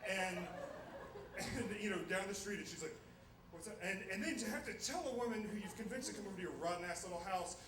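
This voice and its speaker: A man's voice: high voice, animated, fast, echoey room, far from the mic, noisy background. A man telling a wry, self-mocking comic story to a live audience. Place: theater stage before a live audience.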